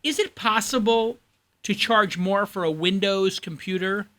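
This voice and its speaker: A man with a Brooklyn accent hosting a studio panel, opinionated and animated. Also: sits high, unhurried. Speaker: host. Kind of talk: panel discussion.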